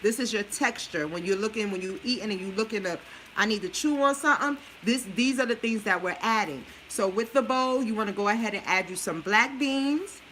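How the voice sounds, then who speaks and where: Bright-voiced woman coaching viewers while cooking. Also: medium pitch, fairly quick, slight background noise, low-quality recording. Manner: chatty, coaching, talks straight to viewers. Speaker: busy mom sharing a meal plan. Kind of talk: casual cooking livestream.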